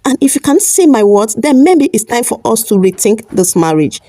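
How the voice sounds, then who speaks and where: A woman voicing a young wife who stands her ground, speaking calmly but firmly. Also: a little high, dry recording, studio quality. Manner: calm, firm, measured pleading.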